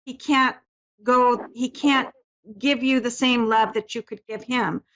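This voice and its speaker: Soothing woman medium, somewhat high voice. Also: fairly even intonation, measured pace, a bit bright, muffled recording. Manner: soothing, reassuring, talks in fillers and restarts. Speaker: psychic medium host. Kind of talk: psychic reading on a call-in show.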